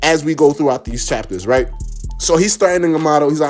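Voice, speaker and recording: Slangy, animated man with a higher voice. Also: fast. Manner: slangy, animated, talks straight to chat. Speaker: manga spoiler commentator. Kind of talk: casual reaction commentary. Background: faint background music.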